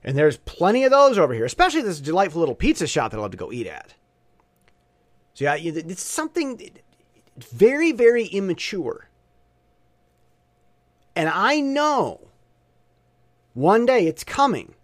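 A man talking in a casual vlog monologue, opinionated and animated, with stop-and-start rambling. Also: high-pitched, moderate pace, pauses often, no echo, clean studio sound. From Southern Taiwan. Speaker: vlogger.

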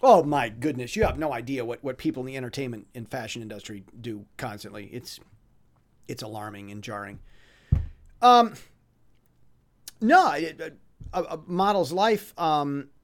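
A man's voice: medium pitch, normal speed, pauses often. Rambling, self-mocking male podcaster. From foreign resident in Taiwan. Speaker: podcast host. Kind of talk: casual monologue.

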